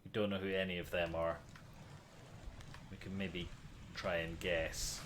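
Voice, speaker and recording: Low-voiced man muttering through a puzzle game. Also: little pitch movement, unhurried, a bit bright, a little hiss or hum. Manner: muttering, thinking aloud, sighing, swearing in frustration. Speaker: streamer. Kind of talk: casual game livestream commentary.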